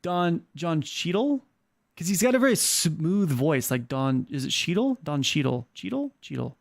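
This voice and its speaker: A man's voice: a little high, very animated, unhurried, vocal fry. A man hosting and casting a game tournament stream, talking in a rambling, joking way with plenty of fillers. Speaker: host and caster. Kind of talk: casual esports shoutcasting stream.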